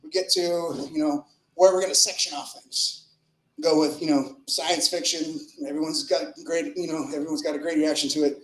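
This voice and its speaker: High-voiced crude stand-up comic man. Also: steady tone, normal speed, a bit bright. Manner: crude, rambling delivery with fillers and shifting volume. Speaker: stand-up comedian. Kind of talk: open mic stand-up set. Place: comedy club with live audience. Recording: roomy club echo.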